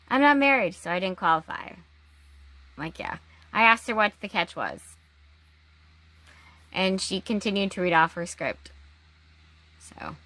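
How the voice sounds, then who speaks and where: A woman talking in a casual personal vlog, halting, with long pauses and restarts. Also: medium pitch, lively intonation, bright, forceful tone, no echo. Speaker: vlogger.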